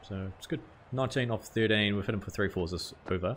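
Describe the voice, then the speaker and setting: Lower-voiced man commentating his game. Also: fast, slight background noise. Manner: rattles off scores, swears and exclaims at big moments. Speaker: gaming channel host. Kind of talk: casual video game commentary.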